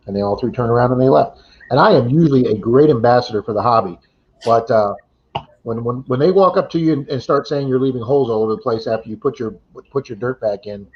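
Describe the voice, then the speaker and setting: Fast-talking man telling a story. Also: mid-range voice. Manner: animated retelling, acting out quoted voices. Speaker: livestream chat co-host. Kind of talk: casual storytelling chat. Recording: slightly dull lo-fi livestream audio.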